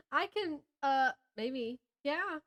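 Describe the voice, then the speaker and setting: A woman's voice: sits high, fairly bright tone. A woman with a Southern American accent co-hosting a casual book podcast, rambling and stopping herself mid-thought, laughing often. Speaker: podcast co-host. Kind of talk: casual chat about books.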